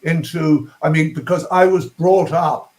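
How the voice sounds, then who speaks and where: A man's voice: fairly high pitch, a little slow, darkish tone, roomy sound, rough recording. An older man with a posh southern English accent, a guest talking reflectively and searching for words with ums and restarts. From England. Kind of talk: reflective interview talk.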